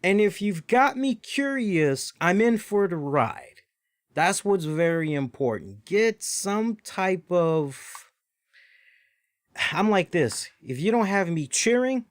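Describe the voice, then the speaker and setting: Male wrestling host, slightly high voice, dry close sound, chatty rambling delivery. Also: dry recording. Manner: rambling, animated, lots of fillers and asides. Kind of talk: casual solo review.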